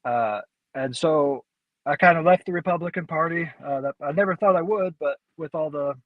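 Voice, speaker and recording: Halting Missouri man on dull audio. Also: fairly high pitch, no echo. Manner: halting, many fillers and restarts. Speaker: guest, congressional candidate. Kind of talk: interview answers.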